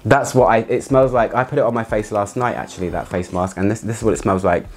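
A man chatting casually through a product review, excitable and laughing often as he talks. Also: lowish voice, fast, a little hiss or hum. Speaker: fragrance reviewer.

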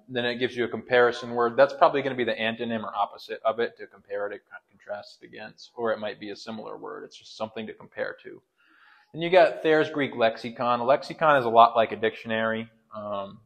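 A man teaching Bible study tools in a casual, rambling way, with many fillers and restarts. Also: mid-range voice. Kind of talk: casual screen tutorial.

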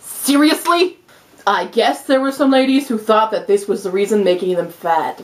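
A young woman vlogging at home, hyper, giggly and excitable, talking straight to her camera. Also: medium pitch, moderate pace. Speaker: vlogger and English teacher in Japan. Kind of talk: casual vlog. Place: indoors at home.

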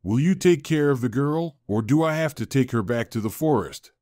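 A man doing a big gentle woodsman. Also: mid-range voice, lively intonation, normal speed, dry recording, clean studio sound, close to an everyday voice. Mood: earnest. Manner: warm, encouraging. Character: huge strong kind forest man, protective. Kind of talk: storybook narration.

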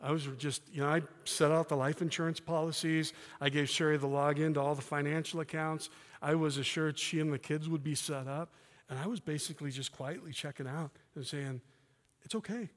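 A man's voice: a little high, little pitch movement, a little fast. Earnest middle-aged man preaching in a hall. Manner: earnest and candid, with soft self-deprecating laughs. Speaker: guest preacher. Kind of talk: sermon with personal testimony. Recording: long reverb of a church hall.

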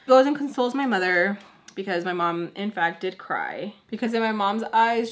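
A young woman telling a personal story in a casual vlog, acting out what people said with big jumps in her voice. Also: normal speed. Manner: animated, acts out quotes with big pitch jumps. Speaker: storytime vlogger. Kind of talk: casual storytime while doing makeup.

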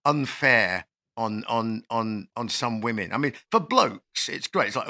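A man's voice: medium pitch, very animated, a little slow, sharp tone. A man from the English Midlands hosting a podcast, chatting in a rambling, sweary, boisterous way. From Nottinghamshire, England. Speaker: podcast host. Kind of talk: casual chat.

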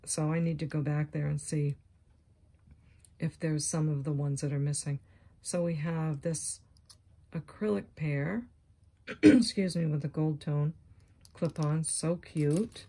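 A woman's voice: low-pitched, slow, pauses often, breathy edge. A woman vlogger with a scratchy voice, chatting casually and gushing as she shows off thrifted jewelry, sometimes dropping to a near-whisper. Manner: gushing, excited exclamations. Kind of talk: casual show-and-tell chat.

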